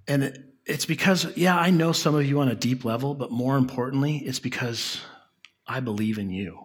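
A man preaching a sermon as pastor in a conversational way, often dropping to a soft hush on key lines. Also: medium pitch, husky.

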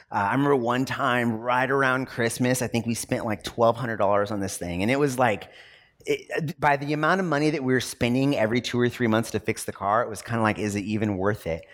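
A man in his thirties preaching a sermon in a loose, conversational way, with lots of fillers and lively storytelling. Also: on the low side. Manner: conversational and animated, many fillers. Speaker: pastor.

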